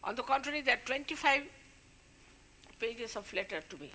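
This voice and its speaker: A woman's voice: fairly high pitch, animated, fairly quick, long pauses, pushed and bright, a little hiss or hum. A woman, a spiritual leader, giving an informal talk to her followers, warning and scolding them in a conversational way.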